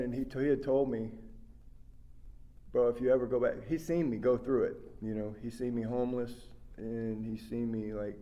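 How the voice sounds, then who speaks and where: A man's voice: mid-range voice, dark tone. A man giving a rambling, heartfelt personal share as a speaker at a recovery workshop, full of fillers and restarts. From West Virginia.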